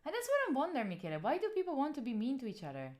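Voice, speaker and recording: Her high-pitched voice races along as this young Italian woman, in her twenties, streams live in Italian-accented English. She's animated and candid, swears freely, and keeps reading and responding to chat.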